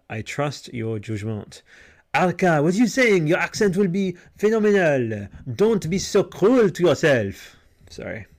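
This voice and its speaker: Male podcast host, casual rambling chat, restarts a lot, mid-range voice. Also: mid-range voice. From Australia. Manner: rambling, chatty, lots of fillers and restarts. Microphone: headset microphone.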